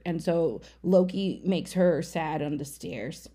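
A woman's voice: fairly low pitch, a little slow, hardly any pauses, darkish tone. Woman, casual podcast recapper, irreverent and chatty, salty language. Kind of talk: casual comedic movie recap.

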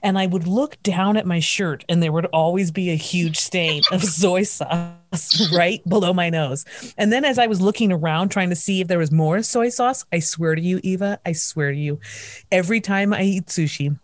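A woman's voice: lowish voice, moderate pace. A woman interviewing a young person in a casual, playful way, teasing and telling funny stories between questions.

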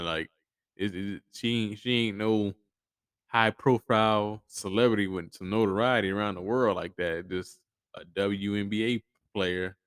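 Low-voiced man with blunt, profane commentary. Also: fairly even intonation, normal speed, smooth, no echo. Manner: blunt, profane, frequent stammered restarts. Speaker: podcast host. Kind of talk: casual solo commentary.

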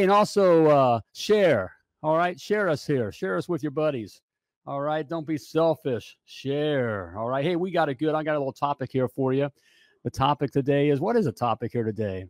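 A man hosting a live talk show from a studio. He talks in an energetic, chatty way and keeps tacking "all right?" onto his lines. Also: a little high, no room sound. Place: home studio.

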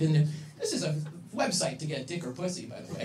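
A man's voice: a little high, brisk. Canadian guy doing stand-up, voice swinging all over, crowd laughing behind him. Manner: animated, self-mocking, loud punchlines. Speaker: stand-up comedian. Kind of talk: stand-up set. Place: comedy club stage with audience. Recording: roomy club sound from a distance. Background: audience laughter.

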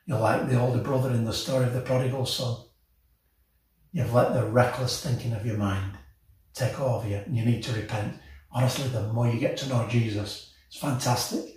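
A man's voice: medium pitch, steady tone, fairly quick. Impassioned male preacher, picked up from a distance in a very echoey hall. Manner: passionate, rising to emotional peaks then dropping soft. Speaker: pastor. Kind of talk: sermon.

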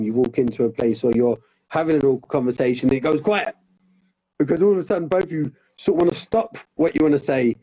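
A man's voice: medium pitch, husky, highs cut off. A man and life coach in training, talking in a casual conversation, rambling with frequent restarts.

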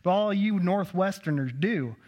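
A man's voice: high voice, animated, a little slow, dull audio. A man putting on a Texas accent to voice a blunt, folksy male professor. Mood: teasing. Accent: Texan, put on.

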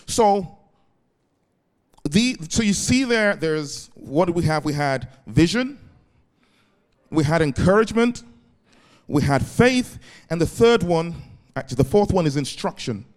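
A man's voice: fairly high pitch, animated, unhurried, pauses often, a little mellow. A male pastor preaching a sermon, often checking if his listeners follow and breaking in with praise. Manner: keeps asking the congregation if it makes sense; repeated "praise the Lord" interjections.

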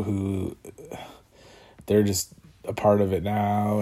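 Man with a very low voice, dark and husky tone, tired, rambling casual solo talk, full of fillers. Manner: rambling, filler-heavy, laughs to himself. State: tired, yawning. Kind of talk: casual solo talk about combat sports.

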